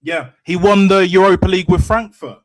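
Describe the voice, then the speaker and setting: High-voiced guy ranting bout football, repeats himself, swears a lot. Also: steady tone, fairly quick. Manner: blunt, repeats words, swears. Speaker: call-in panelist. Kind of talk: heated football call-in chat.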